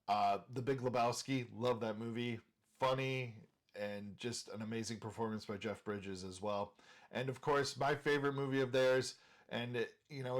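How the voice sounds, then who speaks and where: Enthusiastic man from Minnesota. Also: mid-range voice. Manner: enthusiastic, frequent "uh" fillers. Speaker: movie channel host. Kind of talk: casual movie-ranking talk.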